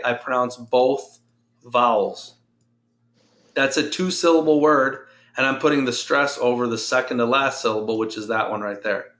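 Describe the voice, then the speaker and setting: Male Spanish teacher, patient, explains step by step, mid-pitched, roomy echo. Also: fairly even intonation, a bit bright. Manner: patient, explains slowly and drills pronunciation. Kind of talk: online language lesson.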